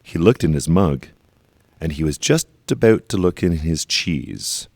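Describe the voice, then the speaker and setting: Very deep-voiced man reading a storybook. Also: expressive, a little mellow, dry recording. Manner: slow, emphatic on repeated phrases. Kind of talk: storybook read-aloud.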